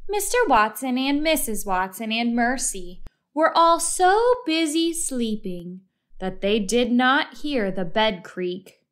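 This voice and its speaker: A woman reading a children's storybook aloud in a slow, expressive, deliberate way. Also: a little high. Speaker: story reader.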